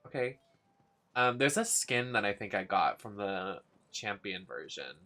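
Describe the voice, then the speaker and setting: A young man streaming a video game live, chatting casually in an excitable, giggly, gushing way. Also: fairly low pitch, a little slow.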